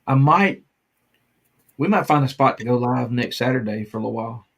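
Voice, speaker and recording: A man's voice: medium pitch, expressive, brisk, gravelly. A man hosting a live stream, chatting casually, rambling and laughing often.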